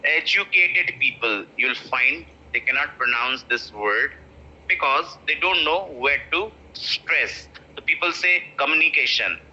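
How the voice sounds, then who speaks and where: Guy teaching pronunciation, bright higher voice, muffled lo-fi sound. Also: animated. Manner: repeats words slowly, stretching the stressed syllable. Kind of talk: spoken English lesson. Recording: muffled lo-fi audio.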